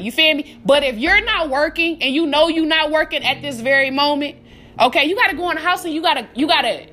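Lively high-voiced woman podcaster. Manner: profane, animated, laughing, calls listener baby. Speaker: podcast host. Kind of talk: casual motivational monologue.

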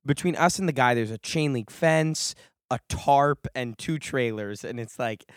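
A man's voice: medium pitch, measured pace, no room sound, studio quality. A young man co-hosting a podcast in casual chat, rambling with lots of "like" and restarts. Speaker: podcast co-host.

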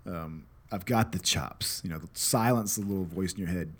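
A man's voice: low voice, normal speed, fairly bright tone, breathy edge. A man in his thirties, a father and podcast host, telling a casual story in a candid, swearing, self-deprecating way that turns reflective.

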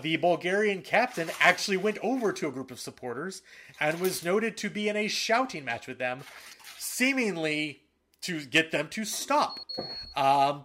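A man co-hosting a soccer podcast in casual talk, animated and fired up, with frequent fillers and restarts. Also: a little high. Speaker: podcast co-host.

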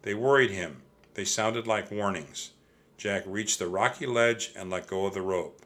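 A man narrating a children's storybook in an expressive, steady reading style. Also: lowish voice, measured pace. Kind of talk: audiobook storytelling.

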